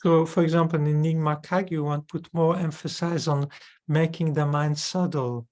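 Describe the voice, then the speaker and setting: A male Buddhist teacher explains a subtle point of philosophy to a student. He talks in a measured, explanatory way and keeps checking that his listeners follow. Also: a little high, steady tone, darkish tone. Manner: measured and explanatory, with tag questions. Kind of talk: dharma teaching, answering questions.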